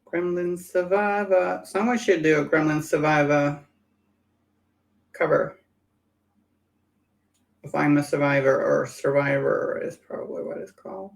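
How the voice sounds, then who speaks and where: A woman's voice: sits low, unhurried, vocal fry, long pauses, rough recording. A woman hosting a miniature-painting livestream, chatting casually and muttering jokes to herself as she works at her hobby desk at home. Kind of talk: casual chat while working.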